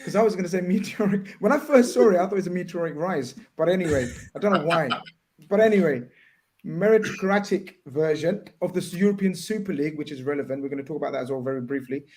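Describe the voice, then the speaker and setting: Male stream host, slightly high voice, chats casually and reads out viewer messages. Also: quick pace, darkish tone, a little hiss or hum. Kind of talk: casual live-stream chat.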